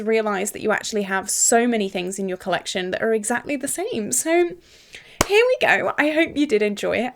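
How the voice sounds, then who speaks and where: A woman beauty vlogger chatting casually to camera, thinking aloud and breaking into excited exclamations. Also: on the high side.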